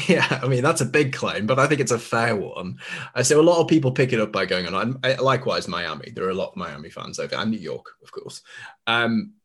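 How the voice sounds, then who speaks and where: A man's voice: on the low side, lively intonation, brisk, a bit bright, slightly rough. A young man with a Cumbrian accent, chatting casually as a podcast co-host, laughing easily and restarting his sentences. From England.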